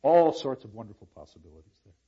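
A man lecturing on literature, reading lines aloud dramatically and talking to his class with animated, emphatic asides. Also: medium pitch, fast, husky, lo-fi sound.

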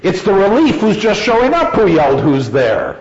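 A man lecturing a class on a play, animated and quick to laugh, sometimes acting out quoted lines in a raised voice. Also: high-pitched, slight background noise. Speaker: literature teacher. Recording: dull lo-fi classroom recording.

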